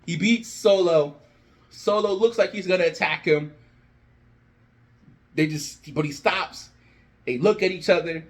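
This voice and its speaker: A young man casually telling an imagined wrestling storyline, animated and jumping into characters' lines as he goes. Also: fairly high pitch. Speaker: wrestling fan video host. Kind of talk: casual fantasy-booking storytelling.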